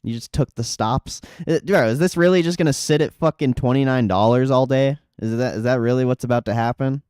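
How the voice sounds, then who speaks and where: A livestreamer chats casually with his viewers about stock trading, reading their messages, laughing often and swearing freely. His medium-pitched voice is brisk, smooth and darkish, captured in a dry, studio-quality recording.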